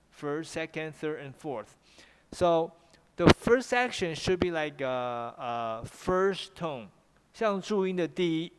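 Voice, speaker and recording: A man's voice: a little high, smooth, big-room sound. A man with a Taiwanese accent teaching English pronunciation in an online class, often repeating himself and switching into Mandarin.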